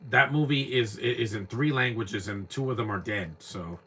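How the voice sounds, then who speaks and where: A man's voice: on the low side, normal speed, fairly bright tone, slight background noise. A young man giving casual live commentary on an old movie, rambling and repeating words as he searches for names.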